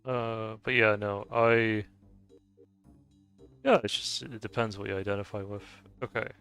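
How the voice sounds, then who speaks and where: A man's voice: fairly low pitch, fairly even intonation, unhurried, fairly bright tone, smooth, soft background music. A man streaming a game and chatting casually with viewers, rambling and hesitant with lots of fillers and restarts, chuckling often. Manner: chuckles often while talking. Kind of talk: casual chat while playing.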